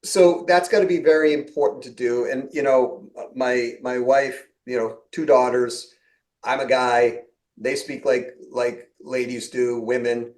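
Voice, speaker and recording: Chatty podcast host in an echoey room. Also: male voice, mid-range voice, steady tone, measured pace, a little mellow. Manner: storytelling, acts out quoted exchanges with laughs. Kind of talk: casual podcast chat.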